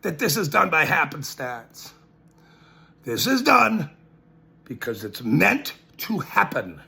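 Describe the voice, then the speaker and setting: A man's voice: a little high, big pitch swings, slow, vocal fry, bright, forceful tone, slight background noise. A man ranting to camera, mocking and laughing between his lines and repeating his points emphatically. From Ireland. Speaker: citizen journalist.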